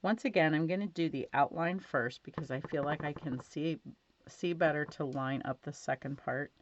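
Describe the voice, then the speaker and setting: A low-voiced woman at a moderate pace teaches card stamping from her craft desk at home, chatting casually and gushing over how her cards turn out. She's chatty and uses many fillers, and the home recording is dull and lo-fi.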